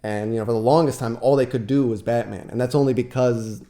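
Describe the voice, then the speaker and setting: A man's voice: mid-range voice, steady tone, quick pace, dark tone. A man chatting as a podcast guest, rambling and correcting himself as he talks enthusiastically. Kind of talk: casual chat.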